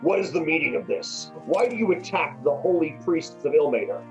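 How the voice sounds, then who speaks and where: Male GM as a stern, formal militia leader, low-fi. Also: lively intonation, brisk, creaky, darkish tone, muffled recording, soft background music.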